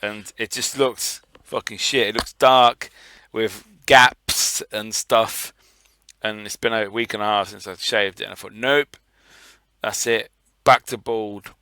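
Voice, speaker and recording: A man's voice: lowish voice, little pitch movement, measured pace, pushed and bright, smooth, no room sound. A man co-hosting a podcast, chatting playfully and laughing often. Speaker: podcast co-host. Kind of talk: casual banter.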